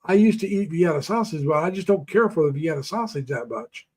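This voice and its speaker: A man's voice: fairly high pitch, lively intonation, a little fast, darkish tone, husky. Older man rambling through folksy stories. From United States. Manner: rambling, folksy storytelling, greeting viewers by name. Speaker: live-stream host. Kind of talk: casual live-stream chat.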